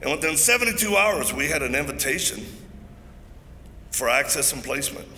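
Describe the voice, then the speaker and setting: A man's voice: a little high, animated, normal speed, bright, forceful tone. A man giving an emphatic preaching-style speech at a large event, telling stories with jokes mixed in. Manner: emphatic, joking storyteller. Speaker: event speaker. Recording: echoey hall, faint noise.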